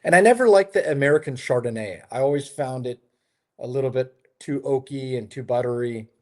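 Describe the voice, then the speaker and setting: Speaking a little fast from his home in Lisbon, a middle-pitched hotel developer chats as a guest on a casual interview call. Relaxed and talkative, he rambles through stories with many ums, you-knows, and restarts.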